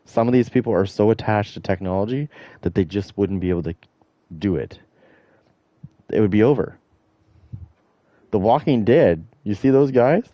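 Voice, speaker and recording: A man's voice: lowish voice, expressive, moderate pace, long pauses, warm tone, no room sound. A middle-aged man streaming a game, ranting in a blunt, profane, rambling way. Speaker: gaming streamer. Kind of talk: casual rant while streaming.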